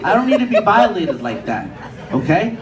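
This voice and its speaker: Very animated and pitched high, a young man performs stand-up on a comedy club stage at a moderate pace, spinning profane stories and acting out the characters. The recording is echoey and distant, full of audience laughter.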